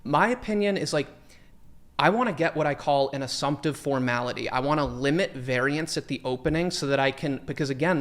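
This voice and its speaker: A man giving sales advice in a conversational podcast, animated and acting out sample sales lines. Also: medium pitch. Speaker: sales trainer guest.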